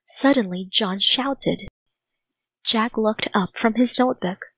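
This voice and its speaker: A woman narrates a children's storybook in a clear, even voice of middle pitch. She reads slowly. The recording is dry and dull, slightly lo-fi. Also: no room sound. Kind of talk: storybook read-aloud.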